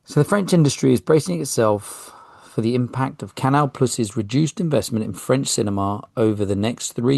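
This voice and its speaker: A man's voice: medium pitch, gravelly, a little mellow, no echo, studio quality. A man with a British accent hosting a podcast, reading news articles aloud and adding casual, self-deprecating commentary, tripping over foreign names. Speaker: podcast host.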